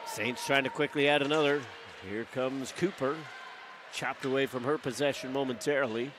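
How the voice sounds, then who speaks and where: A man calling live hockey play-by-play as the game's announcer, brisk and rising to shouts on big plays. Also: medium pitch, steady tone, background noise. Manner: brisk, running call of the action that climbs to shouts.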